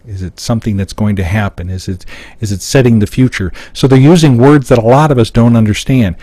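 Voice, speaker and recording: A man's voice: medium pitch, fairly quick, mellow, no echo. A man presenting a live seminar, explaining points emphatically and acting out short example lines. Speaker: seminar speaker. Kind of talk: live public-speaking seminar. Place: seminar room before an audience.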